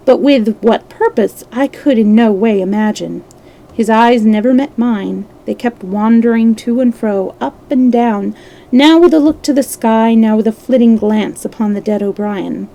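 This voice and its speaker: Gravelly woman reading a story aloud. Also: on the high side, rough recording. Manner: steady, measured reading with small slips. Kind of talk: reading a novel aloud on a live stream.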